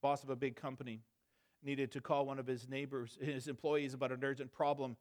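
A man in his thirties preaching a sermon, moving between quiet storytelling and fervent emphatic preaching. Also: medium pitch, level tone, a little fast. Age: 30s.

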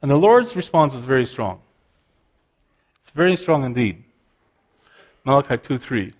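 A man's voice: medium pitch, sing-song, moderate pace, pauses often, a little mellow. A man preaching a sermon, explaining scripture earnestly and often restarting his phrases.

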